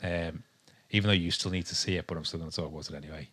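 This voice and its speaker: Deep, bright, and forceful with a slight roughness, his voice stays steady while he speaks rapid-fire. The English podcast co-host is chatting casually at home near a dog, rambling with lots of ums and restarts.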